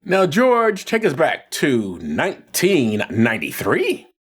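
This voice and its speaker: A man's voice: a little high, huge pitch swings, slow pace, a bit bright, breathy edge. Playful man hosting a podcast. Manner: playful, laughs easily. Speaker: podcast host. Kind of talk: casual chat.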